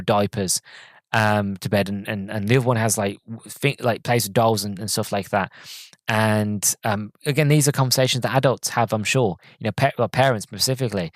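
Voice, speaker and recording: A man's voice: fairly low pitch, no room sound. A podcast host in his twenties reviewing a film in a casual solo talk, rambling and enthusiastic with lots of fillers. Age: 20s.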